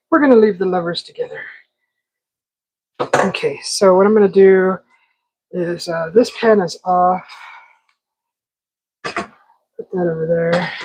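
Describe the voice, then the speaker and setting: A woman's voice: on the low side, a little slow, pauses often, a little mellow, breathy edge, rough recording. A woman hosting a live cooking stream from her home kitchen, chatting casually and talking to the food as she works. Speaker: cooking show host.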